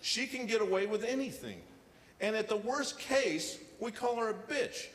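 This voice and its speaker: A man's voice: high-pitched, moderate pace. Man doing stand-up in a live hall. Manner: deadpan storytelling with acted-out quotes. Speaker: stand-up comedian. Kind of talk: stand-up comedy set. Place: casino showroom stage. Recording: live hall reverb with faint ambience.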